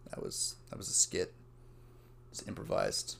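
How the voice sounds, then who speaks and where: A man's voice: a little slow, a bit bright. A young man hosting a solo podcast, talking casually in a meandering stream of consciousness and swearing freely. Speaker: podcast host. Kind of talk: rambling solo podcast monologue.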